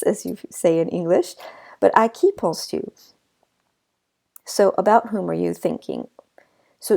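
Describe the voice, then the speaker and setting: Gravelly-voiced woman teaching French. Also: medium pitch. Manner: relaxed explaining with asides and fillers. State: a bit of a cough. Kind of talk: recorded language lesson.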